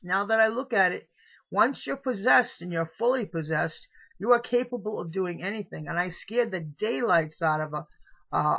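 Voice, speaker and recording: Her mid-range voice creaky and sharp in tone, a middle-aged woman rambles confessionally to the camera, often restarting and letting thoughts trail off. The sound is flat, lo-fi home video audio.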